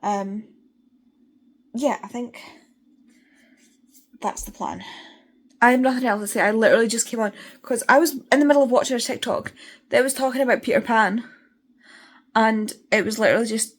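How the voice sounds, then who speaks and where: A woman's voice: fairly high pitch, brisk. A young woman vlogging casually about her reading, rambling and chatty, tired and sniffly. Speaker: book vlogger.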